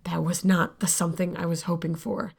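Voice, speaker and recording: A woman's voice: fairly low pitch, level tone, a little fast, creaky, husky, soft background music. A woman narrating an audio drama in the first person, sardonic and blunt, swearing freely. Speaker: narrator and lead character.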